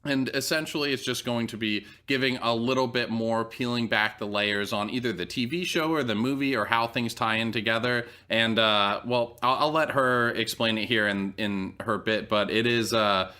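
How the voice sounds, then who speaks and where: Podcast guy with a bright edgy voice, chatty, laughs a lot, lots of uh and like. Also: mid-range voice, steady tone, normal speed, few pauses, clear, resonant tone. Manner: chatty, laughs often, filler-heavy. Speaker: podcast co-host. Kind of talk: casual chat.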